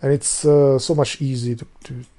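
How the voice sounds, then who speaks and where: Rambling man, mellow voice. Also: medium pitch, flat delivery, normal speed. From Albania. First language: Albanian. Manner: rambling, profane, loses his thread and restarts sentences. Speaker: vlogger. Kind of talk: casual rambling monologue.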